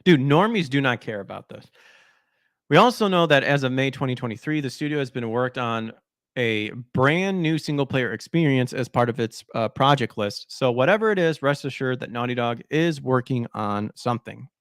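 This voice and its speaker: A gaming podcast host rants sarcastically about news articles, mocking and crude. His medium-pitched voice is clear, resonant, and fairly bright, with lively intonation at normal speed in a clean studio with no room sound.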